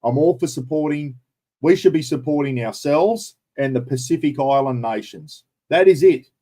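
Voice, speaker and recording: A middle-aged Australian man hosts a casual live stream, answering viewers bluntly and with strong opinions, swearing occasionally. His mellow voice is a little high, and he speaks at a moderate pace.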